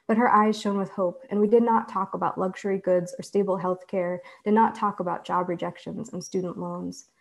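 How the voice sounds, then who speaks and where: A woman author reading her own fiction aloud in a measured, deliberate way. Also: mid-range voice, a little mellow. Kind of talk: literary reading.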